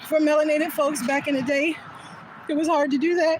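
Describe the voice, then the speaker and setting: A woman's voice: sits high, steady tone, a little fast, noisy background. A woman telling a personal story in a vlog, candid and laughing often, recorded on a phone in a car. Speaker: vlogger.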